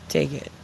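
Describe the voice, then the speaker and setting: A young adult livestreamer in casual, unscripted chat with viewers, talking bluntly and with a lot of profanity, ranting with lively swings. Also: a little hiss or hum, rough recording.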